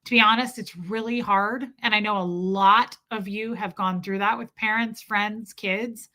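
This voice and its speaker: A woman's voice: mid-range voice, fairly even intonation, unhurried, bright, forceful tone. A woman hosting a livestream, telling a heartfelt personal story to her chat in a confiding way with many restarts. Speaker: livestream host.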